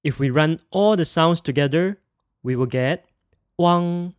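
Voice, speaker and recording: A man teaching a pronunciation lesson, modelling each sound slowly and carefully and asking the listener to repeat it. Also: fairly high pitch, no room sound, clean studio sound. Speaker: language teacher.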